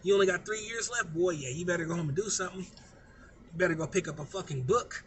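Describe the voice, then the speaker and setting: A man's voice: high voice, brisk, fairly bright tone, a little hiss or hum. A man giving a profane, emphatic and preachy unscripted rant as a vlogger.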